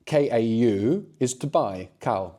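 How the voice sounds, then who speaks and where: Here a middle-aged male language teacher talks through a lesson at length. His voice is warm and mellow, evenly pitched in the middle, and he keeps dropping in brief tag questions to check understanding.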